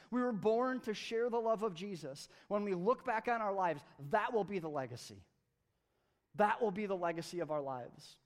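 A man preaching a sermon at a church service, energetic and conversational, with playful asides. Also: sits high. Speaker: pastor.

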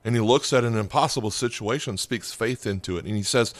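A man preaching a sermon as a pastor, telling the story with lively acted-out dialogue. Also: mid-range voice, brisk, hardly any pauses, no room sound. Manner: animated storytelling, acting out dialogue.

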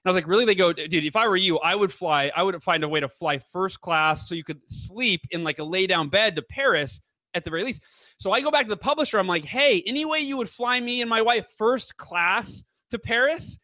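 High bright-voiced enthusiastic man. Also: fairly quick, no room sound. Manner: enthusiastic, rambling storyteller. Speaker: author and guest. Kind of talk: casual interview chat.

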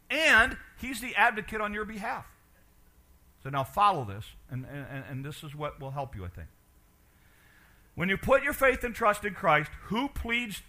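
A male pastor preaching with a very bright, ringing voice pitched a little high. He keeps questioning his listeners and swings between loud declarations and low, quiet asides. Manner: animated preaching, asks the congregation questions. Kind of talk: sermon.

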